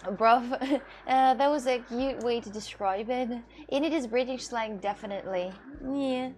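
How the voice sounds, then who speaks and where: A woman streaming, chatting casually and reading chat aloud, halting often with fillers and restarts. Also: a little high, darkish tone.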